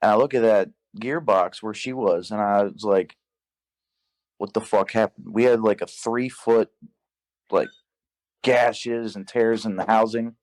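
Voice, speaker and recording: A young man telling a work story in casual podcast chat, profane and animated, acting out the dialogue. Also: fairly low pitch, measured pace. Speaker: podcast guest.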